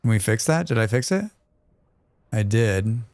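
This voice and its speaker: Chatty male game streamer, smooth dry voice. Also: fairly low pitch, animated, unhurried, a little mellow, dry recording. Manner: chatty, reads chat aloud, hums to himself. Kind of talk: casual gaming livestream chat.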